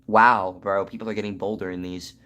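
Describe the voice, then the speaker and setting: A man's voice: lowish voice, level tone, brisk, pushed and bright. Chatty stammering male streamer. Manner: chatty, joking, stammering, reading chat aloud. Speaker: streamer and voice actor. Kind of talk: casual live-stream chat.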